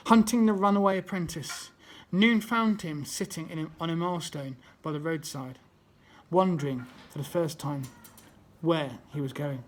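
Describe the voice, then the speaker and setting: Man reading a storybook aloud. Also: high voice. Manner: unpolished, with frequent restarts. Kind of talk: reading a children's book aloud.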